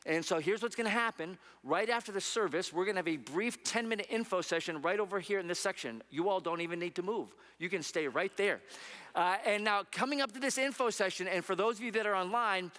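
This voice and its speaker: A man's voice: high voice, sharp tone. A man speaking from a church stage, upbeat and conversational, encouraging the congregation to sign up. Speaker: charity running team speaker. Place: church sanctuary. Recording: long reverb of a church hall.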